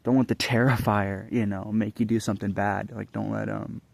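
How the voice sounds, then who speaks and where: A man's voice: lowish voice, flat delivery, moderate pace, gravelly, slight background noise. A young adult man vlogging in a casual, rambling monologue, swearing often and restarting his sentences. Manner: profane, rambling, frequent restarts.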